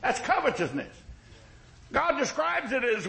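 A man's voice: high-pitched, lively intonation, measured pace, gravelly, a bit bright, poor audio. A male pastor preaching a sermon in a folksy, joking way, with emphatic repetition.

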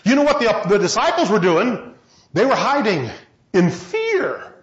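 A man preaching a sermon with passion, moving between loud shouting and low, quiet lines. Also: very animated, measured pace, roomy sound, highs cut off.

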